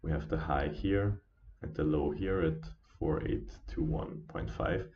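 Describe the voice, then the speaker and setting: A tired man hosts a live trading stream in a very deep voice. He talks slowly and haltingly, with fillers and restarts. The audio is dull and lo-fi. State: sleepy, yawning. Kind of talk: casual live trading commentary.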